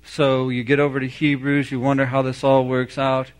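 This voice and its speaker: A man's voice: medium pitch, monotone, moderate pace, clear, resonant tone. A man preaching an expository sermon, reading scripture aloud and commenting on it with emphasis.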